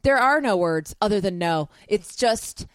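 A woman's voice: medium pitch, animated, a little slow. A woman co-hosting a comedy podcast, talking in a crude, gleeful, profane way. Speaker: podcast co-host. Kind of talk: casual comedic chat.

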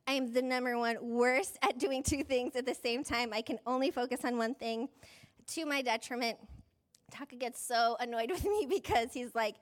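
A woman's voice: on the high side, moderate pace. A woman pastor giving a conversational sermon, chatty and self-deprecating, often saying "like" and laughing mid-sentence.

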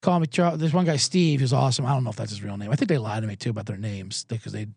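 A man's voice: medium pitch, rapid-fire, gravelly, darkish tone, breathy edge, no echo. A man hosting a comedy podcast, rambling through a self-deprecating monologue. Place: Los Angeles.

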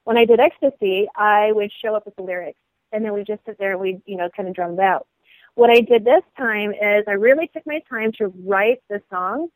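A woman's voice: medium pitch, fairly quick, no echo, low-quality recording. Bubbly woman with a dry sound. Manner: bubbly, laughs often. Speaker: guest, actress and model. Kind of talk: casual interview chat.

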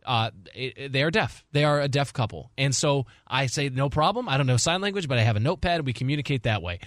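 A man in his forties hosts a sports radio show and tells stories in a loose, easygoing way, acting out the people in them. His voice sits in a middle pitch and sounds close and dry from a studio mic. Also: fast talker, no room sound. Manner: animated storyteller, acting out quotes. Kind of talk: casual radio chat and storytelling.

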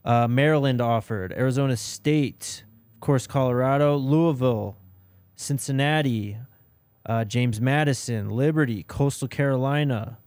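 A man's voice: mid-range voice, measured pace, smooth, dry recording. Man co-hosting a sports podcast, dry sound. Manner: relaxed, with many "um" and "yep" replies. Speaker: podcast co-host. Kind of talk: casual sports podcast chat.

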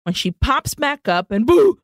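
A woman's voice: sits high, unhurried, dry recording. Casual woman recapping a film, dry sound. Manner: profane, animated retelling with Spanish phrases mixed in. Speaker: podcast co-host. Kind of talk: casual movie recap chat.

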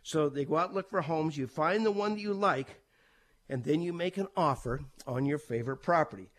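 Steady practical man explaining home buying. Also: on the high side, brisk. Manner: plain, practical, steady explaining with occasional fillers. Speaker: realtor.

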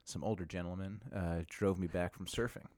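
A man co-hosting a casual podcast chat, an animated storyteller who laughs often. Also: low voice, brisk, no echo, studio quality. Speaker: podcast co-host.

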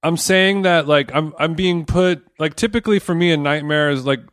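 A man's voice: fairly high pitch, normal speed, fairly bright tone, no echo, studio quality. A man co-hosting a podcast, chatting casually in a rambling, profane way, often restarting his sentences. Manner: rambling, profane, self-interrupting. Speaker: podcast co-host. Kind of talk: casual chat. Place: villa in the countryside.

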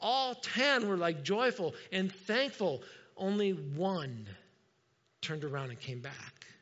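A man from Indiana delivers a sermon in a bright, high voice, talking to the congregation and drawing responses from them. The sound is dull and lo-fi, and the voice trails off into a long reverb through a church hall. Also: expressive, slow pace. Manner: conversational, calls for audience responses. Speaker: pastor.

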